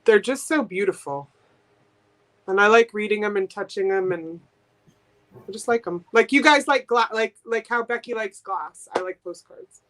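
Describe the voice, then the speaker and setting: A woman's voice: mid-range voice, fairly bright tone. Guest seller: a bubbly, talkative woman from Boston, mid-range voice, casual live-stream chat. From Boston, USA. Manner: chatty and enthusiastic, quick giggles.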